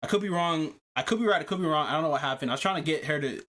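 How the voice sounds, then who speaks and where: A man hosting a podcast, telling a long personal story in casual chat, animated and profane, often repeating himself. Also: on the high side, rapid-fire. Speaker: podcast host.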